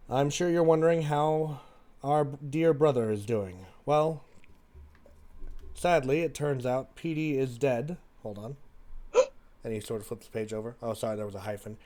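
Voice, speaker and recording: A man's voice: medium pitch, moderate pace, dark tone. A man acting as game master, narrating a tabletop game in a playful, joking way. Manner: playful, stumbles and jokes while reading. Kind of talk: tabletop game narration, reading a letter aloud.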